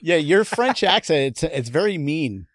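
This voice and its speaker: A woman hosting a casual podcast chat, relaxed and quick to laugh. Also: sits low, no echo, clean studio sound. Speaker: podcast host.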